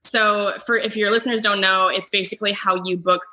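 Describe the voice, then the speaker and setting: A woman's voice: mid-range voice, steady tone, fairly quick, bright, forceful tone. A young adult woman, a comedian and guest, chatting casually on a podcast and filling her sentences with "like". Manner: chatty, lots of "like" fillers. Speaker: comedian and foosball player guest.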